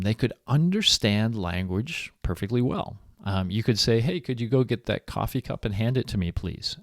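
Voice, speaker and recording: A man's voice: fairly low pitch, a bit bright, no room sound, clean studio sound. A man giving a recorded university lecture in a conversational, explaining way.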